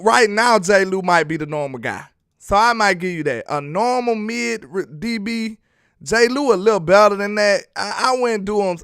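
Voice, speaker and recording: A man's voice: on the high side, fairly bright tone, smooth, dry recording, clean studio sound. A man casually breaking down football film on a live stream, chatty and laughing as he teases his viewers. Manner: chatty, laughing, teasing the chat. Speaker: sports film-study streamer.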